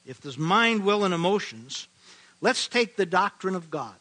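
An older man from the American Midwest preaching a sermon, earnest and emphatic, slowing to stress key phrases. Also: high-pitched, big pitch swings, bright, forceful tone, low-quality recording. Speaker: pastor.

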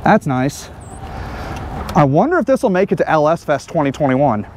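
A man hosting a casual vlog outdoors beside a vehicle, excitable and full of jokes. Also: a little high, normal speed, a little hiss or hum. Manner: excitable, joking, wisecracking. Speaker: host.

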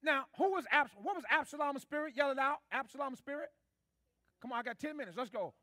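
A pastor preaching a sermon, calling out questions for the congregation to answer. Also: male voice, extremely high pitch, a little fast, bright, forceful tone, dry recording, studio quality. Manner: preaching with call-and-response to the congregation.

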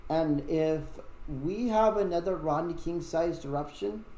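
A woman's voice: low voice, a little slow, mellow, slight background noise. A woman hosting a casual conversation, talking in a loose, rambling, chatty way. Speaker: show host. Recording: roomy echo.

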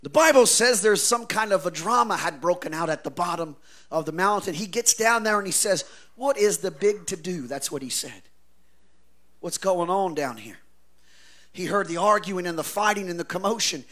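A man preaching a revival sermon, swinging from quiet asides to shouted declarations, with a folksy preacher's cadence. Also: high voice, brisk. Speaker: pastor.

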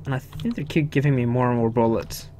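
A man's voice: mid-range voice, a little fast, warm tone, a little hiss or hum. A young man casually commenting on his own gameplay, swearing, chuckling and talking to himself. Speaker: gaming video host. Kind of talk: casual let's-play commentary.

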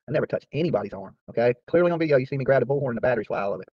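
Racing along with few pauses, this man speaks in an expressive mid-range voice with no room sound. Hosting his YouTube channel, he rants casually at viewers, boasting, swearing and trash-talking, in dry, slightly dull lo-fi audio.

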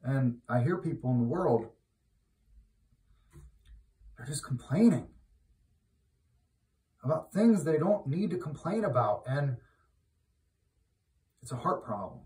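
A man giving an informal, conversational sermon who grows loud and emphatic when he exhorts. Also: mid-range voice, animated, slow, pauses often. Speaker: preacher. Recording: roomy echo, mic at a distance.

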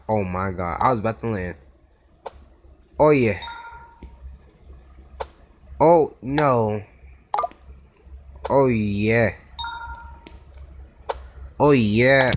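A man talks through mobile gameplay, quick to exclaim and groan at every try. The phone recording has clear background noise and tapping clicks. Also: mid-range voice. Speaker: gaming YouTuber. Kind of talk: casual mobile gameplay commentary.

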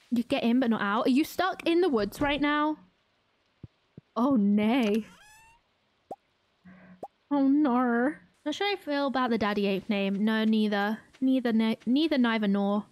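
A woman streamer giving excitable, giggly live commentary while playing a game. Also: high voice, no echo.

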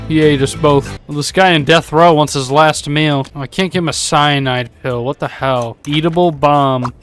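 A man giving casual, sarcastic commentary over gameplay, swearing often and breaking into loud outbursts. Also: on the high side, fairly even intonation, moderate pace, few pauses, faint music behind. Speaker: let's play gamer.

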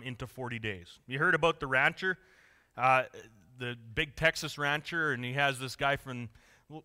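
A man's voice: mid-range voice, sharp tone. A man preaching a conversational, joking sermon in a church. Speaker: pastor. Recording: long reverb of a church hall.

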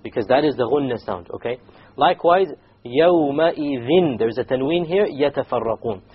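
Male teacher, husky and fairly high, patient recitation lesson, muffled lo-fi sound. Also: lively intonation. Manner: patient, repetitive, quizzes the class; slowly demonstrates recited words.

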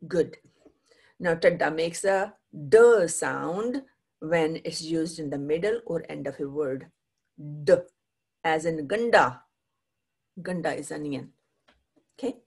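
A woman teacher leads a pronunciation lesson in a low, slightly husky voice. She models each sound, has students repeat it, and keeps checking understanding with a quick "right?". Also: a little mellow. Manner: patient, drills pronunciation with repeat-after-me prompts. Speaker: Punjabi language teacher. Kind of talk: classroom language lesson.

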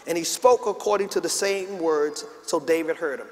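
A man's voice: a little high, normal speed, few pauses. A middle-aged man preaching a sermon as pastor, drawing call-and-response from the congregation and climbing to emphatic peaks. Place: large church sanctuary with congregation. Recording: live church recording with reverb.

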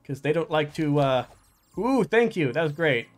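Exasperated higher-voiced man narrating his gameplay. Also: very animated, slow, long pauses, soft background music. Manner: frustrated, exclamatory, talks to himself while playing. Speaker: gaming channel host. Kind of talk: let's play commentary.

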